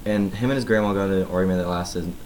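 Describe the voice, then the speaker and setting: A young man co-hosting a podcast in casual chat, telling stories with lively impressions of people. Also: low voice, racing, a little hiss or hum. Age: young adult. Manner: animated storytelling, mimics people in quotes. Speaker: podcast co-host.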